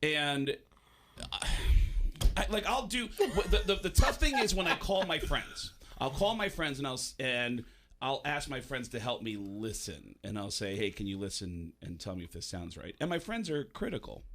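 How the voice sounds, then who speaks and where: A man who does voice work, chatting on a radio show and telling stories with lively energy. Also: medium pitch, normal speed. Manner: animated storyteller who acts out voices in quotes. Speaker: guest voice actor. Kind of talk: casual radio talk, storytelling.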